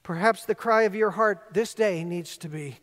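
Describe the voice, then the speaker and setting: A man's voice: high voice, moderate pace, a bit bright. A male pastor preaching an earnest sermon, telling stories and building emphatic repeated phrases. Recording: long reverb of a large hall.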